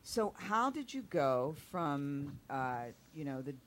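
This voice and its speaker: A woman's voice: deep voice, big pitch swings, slow pace, a bit bright, a little hiss or hum. Rambling, chatty woman hosting a talk show. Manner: chatty, rambling, repeats herself. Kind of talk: casual chat show hosting. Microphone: studio mic with headphones.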